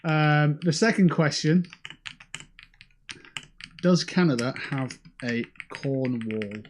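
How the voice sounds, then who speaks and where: A young British man hosting a livestream in casual, sweary chat that jumps between high and low. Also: lively intonation, slow, a little hiss or hum. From United Kingdom. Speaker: livestream host.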